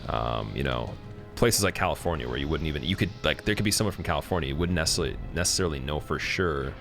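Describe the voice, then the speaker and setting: Canadian streamer, very low gravelly voice, rambling casual talk over faint music. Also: male voice, lively intonation, fast talker. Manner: rambling, many fillers and restarts. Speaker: livestreamer. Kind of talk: casual chat while live-streaming a game.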